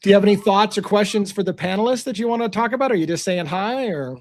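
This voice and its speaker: A man's voice: sits high, fast talker, a little mellow. A man hosting a casual livestream talk show, speaking in a friendly, easygoing way.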